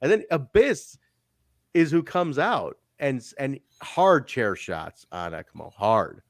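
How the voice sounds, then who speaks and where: A man co-hosting a casual podcast chat, animated, swearing and laughing often. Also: medium pitch, slow pace, no echo, clean studio sound. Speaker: podcast co-host. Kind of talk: casual chat reviewing wrestling.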